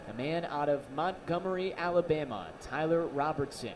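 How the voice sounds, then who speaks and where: A man calling minor league baseball play-by-play on radio, excitable on big plays and joking with his partner. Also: on the high side, moderate pace, far from the mic, noisy background. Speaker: play-by-play announcer.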